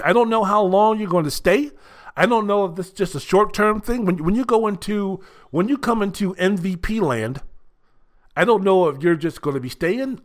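A man hosting a solo sports talk show, ranting with profanity and shouting. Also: sits high.

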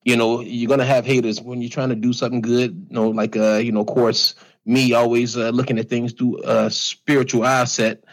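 A man's voice: mid-range voice, little pitch movement, brisk, few pauses, rough recording. A man in his late forties co-hosting a podcast, speaking earnestly in a colloquial way and leaning heavily on "you know". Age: 40s. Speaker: podcast co-host. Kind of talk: casual conversation.

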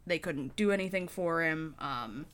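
A woman co-hosting a podcast, recapping a TV episode in a lively, wry tone. She acts out what the characters say as she goes. Her voice sits on the lower side for a woman. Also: a little slow, a little hiss or hum. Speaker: podcast co-host. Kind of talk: casual episode recap chat.

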